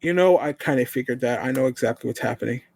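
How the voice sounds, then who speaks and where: A man's voice: medium pitch, quick pace, creaky, a little hiss or hum. A man playing a tabletop game, thinking aloud with hesitant restarts. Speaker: player. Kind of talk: casual tabletop play.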